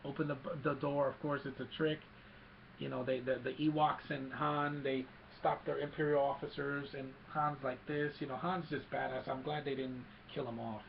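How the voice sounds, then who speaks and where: A man recaps a film plot in a rambling, eager way, often restarting his sentences. His voice has a gravelly grain. The recording is dull and lo-fi, with a faint hiss underneath. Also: medium pitch, level tone, normal speed. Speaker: film reviewer. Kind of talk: casual movie recap.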